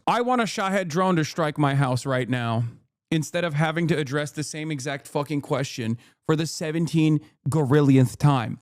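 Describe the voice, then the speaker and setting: A man hosting a live stream, giving heated political commentary to his chat. He rants with constant profanity and drops into quick apologetic asides. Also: very high-pitched, dry recording, clean studio sound. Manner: profane, loud ranting, swings into apologetic asides.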